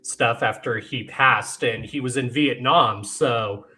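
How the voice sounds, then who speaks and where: Bright-voiced man, laughing co-host. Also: mid-range voice, slow pace. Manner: laughs a lot, chimes in with short agreement. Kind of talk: casual chat.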